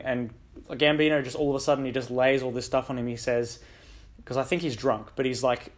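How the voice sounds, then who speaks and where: Young man, book channel host, rambling casual recap, flat delivery, halting speech. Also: mid-range voice. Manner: rambling, halting, full of ums and likes.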